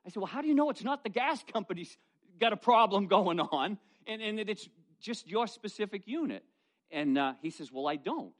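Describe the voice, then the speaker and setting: A middle-aged male pastor preaching a sermon, telling folksy personal stories in an animated way. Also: high-pitched, normal speed. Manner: storytelling, animated, folksy asides.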